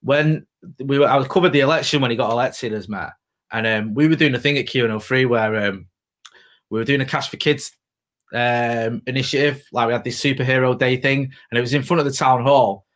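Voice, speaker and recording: A man's voice: medium pitch, fairly even intonation, fairly quick, fairly bright tone. A man, co-hosting a casual podcast and telling stories in a chatty way, swearing freely. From Greater Manchester, England. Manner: chatty storyteller, swears freely, laughs often. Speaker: podcast co-host, former reporter.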